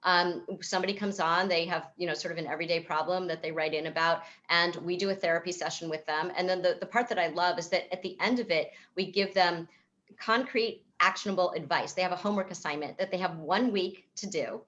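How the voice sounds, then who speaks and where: A woman's voice: lowish voice, steady tone, brisk, fairly bright tone, lo-fi sound. A woman psychotherapist speaking at a virtual event over a video call, answering questions in a thoughtful, explanatory way with frequent fillers and restarts. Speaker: psychotherapist and author.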